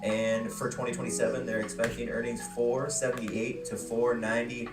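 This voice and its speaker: A man's voice: medium pitch, level tone, moderate pace. Matter-of-fact male co-host reading figures. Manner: matter-of-fact, runs through numbers steadily. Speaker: market news co-host. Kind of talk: reading earnings and economic data. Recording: roomy, distant mic under loud music.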